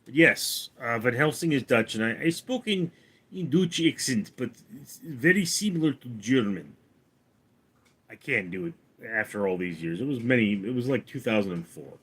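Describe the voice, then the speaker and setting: A man hosting a casual livestream, reading out viewers' names and comments and answering them, calling the names out louder and higher than his replies. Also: animated, normal speed, slightly rough. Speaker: streamer reading viewer chat; actor.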